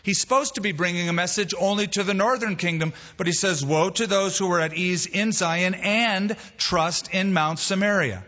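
A pastor preaching an expository sermon, telling a joke story with emphatic, acted quotes. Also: male voice, high voice, moderate pace, hardly any pauses, pushed and bright. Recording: dull reverberant hall recording.

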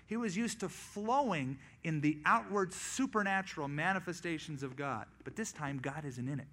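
A male pastor preaching a sermon, acting out quoted voices in lively storytelling. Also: a little high, normal speed.

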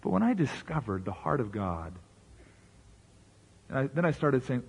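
Husky-voiced pastor preaching conversationally. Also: male voice, mid-range voice, big pitch swings, measured pace, long pauses. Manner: conversational preaching with rhetorical questions and asides. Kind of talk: sermon.

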